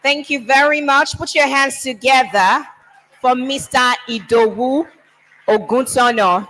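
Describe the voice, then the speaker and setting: A woman hosting a youth event, lively and coaxing as she calls up students and introduces speakers. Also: sits high, a little slow, in a large hall, poor audio. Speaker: master of ceremonies.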